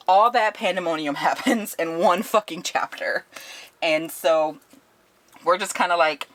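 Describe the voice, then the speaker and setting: Brief: lively, foul-mouthed woman book reviewer, low voice. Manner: animated, profane, laughing often.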